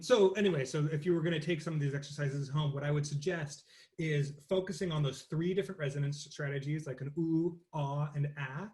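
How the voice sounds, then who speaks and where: A young man leads a voice lesson, explaining resonance in loose, halting bursts and breaking into sung exercises. His speaking voice sits a little high for a man. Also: a little mellow. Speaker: voice teacher. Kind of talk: interactive online voice lesson.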